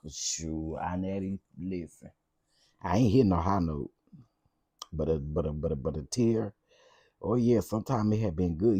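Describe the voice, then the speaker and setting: A man hosting a live stream of reality TV gossip, talking in a sassy, expressive way straight to his viewers. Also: fairly low pitch, creaky, breathy edge, no room sound.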